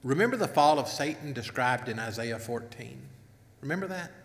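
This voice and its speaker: A man's voice: medium pitch, expressive, normal speed, gravelly, fairly bright tone, slight background noise. A man preaching a sermon and reading scripture aloud, earnestly putting questions to his congregation, on a wireless mic in a church hall. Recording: echoey hall with long reverb.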